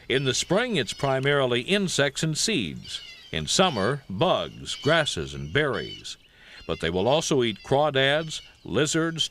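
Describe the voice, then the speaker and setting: Guy reading nature doc narration, lively pitch, faint hiss behind. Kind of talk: scripted documentary narration.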